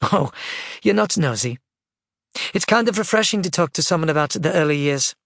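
A gentle older grandmother, soft-spoken and apologetic, talking a touch quickly, as a male audiobook narrator puts her on. The recording is dry and close, with no room sound. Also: a little high, animated, gravelly, dry recording.

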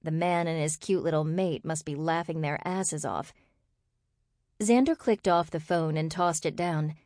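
Low-voiced woman narrating an audiobook. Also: a little slow, a little mellow, dry recording, studio quality. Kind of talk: scripted narration.

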